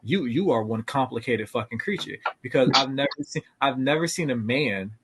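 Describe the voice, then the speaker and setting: A man's voice: mid-range voice, animated, normal speed, noisy background. A man co-hosting a casual comedic podcast, ranting bluntly with lots of profanity. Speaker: podcast co-host.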